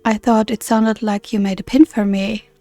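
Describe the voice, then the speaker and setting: A woman reading aloud the lines of an earnest, formal woman guardian from a game, in a measured, soft-spoken way. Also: medium pitch, flat delivery, dry recording, close to an everyday voice.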